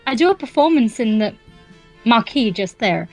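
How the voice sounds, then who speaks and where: A woman voicing a chirpy Welsh circus performer from a puzzle game, in a lively Welsh accent. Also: a little high, moderate pace, faint music behind.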